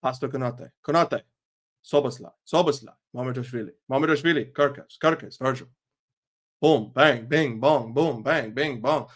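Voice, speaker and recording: A man mimicking a calm male football coach who chants passing drills and names in a monotone. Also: mid-range voice, moderate pace, natural voice. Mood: droning.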